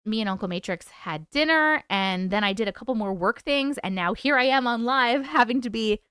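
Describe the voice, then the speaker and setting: A woman hosts a home live stream, tired yet chatty, greeting viewers by name. Her voice is bright and smooth, with a lively, swooping pitch. The sound is close and dry. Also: fairly quick, no room sound. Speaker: host. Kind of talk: casual live-stream chat reading comments.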